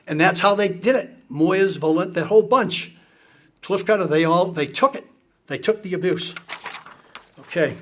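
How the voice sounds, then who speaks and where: High-voiced man telling blunt anecdotes. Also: moderate pace, long pauses. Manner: blunt, profane, quotes people with gusto. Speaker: speaker recounting political anecdotes. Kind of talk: casual storytelling to an audience.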